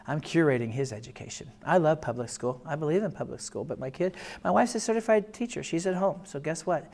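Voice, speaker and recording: Animated older-sounding man telling funny stories. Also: fairly high pitch, fast talker, creaky, few pauses. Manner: animated storyteller, lively jokes, acts out voices. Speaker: speaker. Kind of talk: humorous personal talk. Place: classroom or lecture room.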